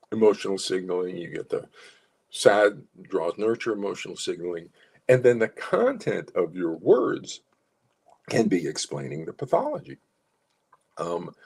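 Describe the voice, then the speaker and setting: A man's voice: low voice, creaky, a little mellow, slightly rough. A man, a psychologist consultant, gives clients informal advice and coaching, explaining step by step and repeating key phrases.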